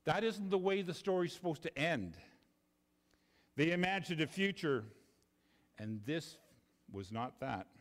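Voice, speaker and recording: A man preaching a sermon, expressive, often dropping low and quiet for emphasis and repeating himself as he goes. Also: unhurried, long pauses, long reverb tail. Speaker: pastor.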